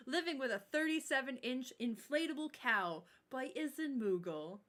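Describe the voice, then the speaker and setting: A woman's voice: high-pitched, expressive, normal speed, fairly bright tone. A woman hosting a livestream, chatting casually with her chat and a co-host, swearing now and then and laughing often.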